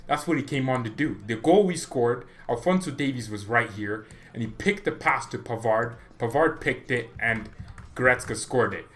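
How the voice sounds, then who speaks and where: Animated young man giving a football reaction. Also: fairly low pitch. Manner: animated, opinionated, rambling with restarts. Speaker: football fan channel host. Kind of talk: casual match reaction vlog.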